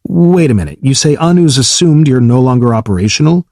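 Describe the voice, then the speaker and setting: A man's voice: medium pitch, expressive, brisk, mellow, dry recording, clean studio sound. A man voicing a blunt male naval test pilot in an audiobook, curt and clipped, swearing when pressed. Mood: exasperated. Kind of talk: audiobook character reading.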